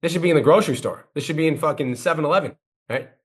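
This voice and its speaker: A man coaching a guest with blunt, profane, rapid-fire critique. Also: on the high side, breathy edge.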